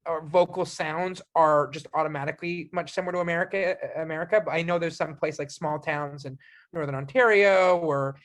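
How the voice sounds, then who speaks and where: Young canadian guy in an interview, animated, keeps restarting his sentences. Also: a little high, brisk. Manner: animated, many restarts and fillers. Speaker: actor guest. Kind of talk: casual interview chat.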